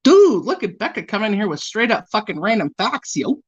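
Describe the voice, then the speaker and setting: A sleepy woman hosts a livestream while doing her makeup, chatting casually with viewers, teasing them playfully and yawning often. Her medium-pitched voice is sing-song, a little fast and husky, and the recording is dull, lo-fi and dry.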